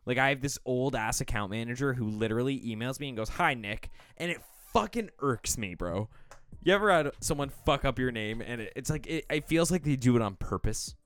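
Dude hosting a podcast, rambling and swearing, smooth clear voice, lots of ups and downs. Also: male voice, medium pitch, lively intonation, brisk, fairly bright tone, no echo. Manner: chatty, swears, laughs a lot. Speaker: podcast host. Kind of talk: casual banter.

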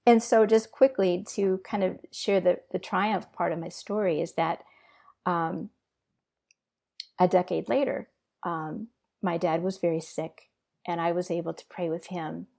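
Middle-aged woman telling her testimony, earnest, kinda halting, lowish gravelly voice. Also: fairly even intonation, dark tone. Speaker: guest sharing her testimony. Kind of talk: emotional personal testimony.

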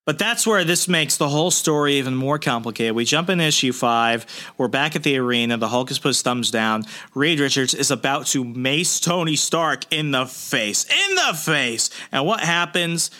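A man co-hosting a podcast who recaps a comic book animatedly and acts out characters in quick snippets. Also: medium pitch, bright, forceful tone. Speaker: podcast co-host.

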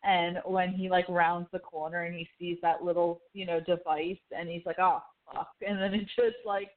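A woman's voice: on the low side, normal speed, narrow, tinny audio. Woman animatedly recapping a show, phone-thin audio. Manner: animated retelling, acts out quoted lines. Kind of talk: casual TV recap chat.

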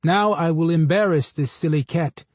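A man voicing a sly, calm male spider trickster who speaks in a knowing way. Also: fairly high pitch, normal speed, dry recording, natural voice.

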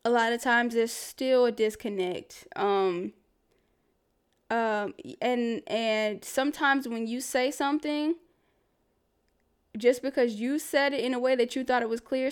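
A woman's voice: fairly high pitch, smooth. A woman hosting a casual solo podcast, talking candidly through life advice with many fillers and asides. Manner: chatty and candid, with frequent fillers and laughs. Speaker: podcast host.

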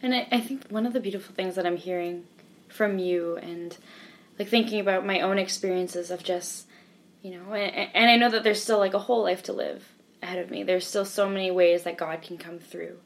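A woman's voice: on the low side, steady tone, fairly quick. A woman hosting a faith interview, asking searching questions thoughtfully with "like" fillers. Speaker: podcast host. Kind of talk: conversational interview.

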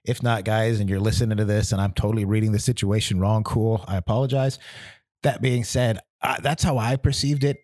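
A man in his thirties hosting a podcast, talking through a personal reflection in a candid, halting way, often restarting and repeating words. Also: on the low side, steady tone, a little mellow, no room sound, studio quality. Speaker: podcast host.

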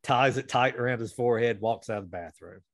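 A man hosting a podcast, telling a long, profane story with lively energy. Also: mid-range voice, fast, gravelly, no echo, studio quality. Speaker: podcast host. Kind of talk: casual storytelling chat.

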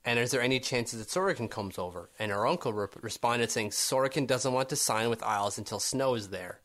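Medium-pitched, brisk and fairly bright, this sports podcast co-host keeps things chatty and argumentative. When he reads quotes aloud, he stumbles through plenty of ums and false starts.

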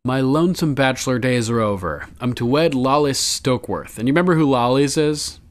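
A man talking loosely through a recap with a co-host, peppering his talk with swearing and quick laughs. His voice sits at an ordinary middle pitch, and he keeps it casual throughout. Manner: loose and chatty, swears, laughs often, quotes lines in passing. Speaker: podcast host recapping a TV episode. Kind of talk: casual chat.

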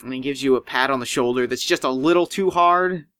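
A man's voice: mid-range voice, brisk, fairly bright tone, clear, resonant tone, dry recording. A man narrating as game master in a tabletop role-playing game, casual and rambling with fillers.

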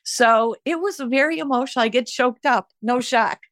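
A retired woman teacher in her sixties, reflecting warmly and emotionally in a conversational interview. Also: a little high, moderate pace, no room sound, studio quality. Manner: warm, emotional, laughs easily. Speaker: retired teacher, podcast guest.

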